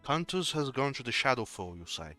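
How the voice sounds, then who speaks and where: A game master voicing a tired older noble lord who speaks in a measured, clipped and skeptical way. He is a stern father figure in a tabletop game. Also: mid-range voice, very animated, pushed and bright, soft background music. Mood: weary. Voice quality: tired, weary.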